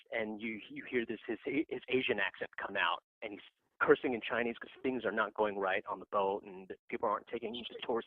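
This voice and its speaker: A man's voice: mid-range voice, dry recording. Guy on a podcast telling a story, lots of ums, laughing, sounds tinny and dry like over a phone. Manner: animated storyteller, laughs often, many fillers. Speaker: podcast guest, actor. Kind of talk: casual anecdote.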